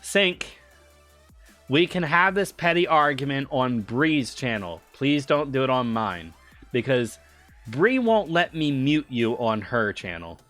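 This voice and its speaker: A man's voice: medium pitch, big pitch swings, slow, fairly bright tone, soft background music. A man chatting casually on a livestream while running a tabletop game. He rambles, stammers through restarts and keeps getting sidetracked. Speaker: game master and streamer.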